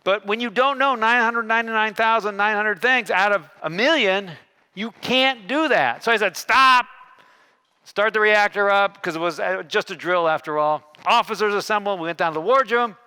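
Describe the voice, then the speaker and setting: Bright-voiced man telling a keynote story. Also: sits high, a little fast, clear, resonant tone. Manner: animated, acts out dialogue with shifting tones. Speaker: keynote speaker.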